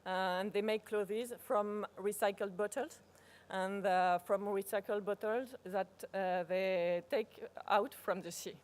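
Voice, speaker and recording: A woman with a French accent, a native French speaker, giving a live workshop presentation, pausing often to search for words and restarting phrases. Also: medium pitch, steady tone, a little mellow. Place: conference workshop room.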